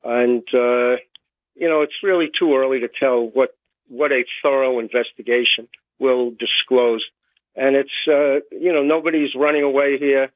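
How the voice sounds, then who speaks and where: A man's voice: mid-range voice, fairly even intonation, normal speed, no room sound. A man commenting as a guest on a radio show, hesitant with many fillers. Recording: tinny phone line.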